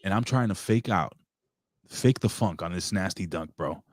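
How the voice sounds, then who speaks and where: A man hosting a casual show, telling stories excitably with lots of swearing and giving loud, hype-style introductions. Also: low-pitched, normal speed, no echo, clean studio sound. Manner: excitable, profane storytelling with hype announcer intros. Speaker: podcast host. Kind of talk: casual chat.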